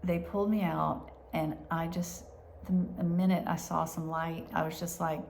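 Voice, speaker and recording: A woman telling a personal story in a halting way, with many restarts and hushed asides. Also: on the low side, little pitch movement, vocal fry, slight background noise. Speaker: vlogger.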